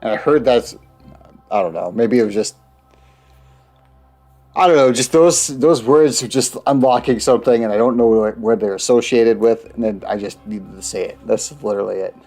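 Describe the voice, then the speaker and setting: A man's voice: fairly low pitch, normal speed, a little mellow, faint music behind. A man hosting a let's play, reading game text aloud and chatting casually, stumbling over words and laughing often.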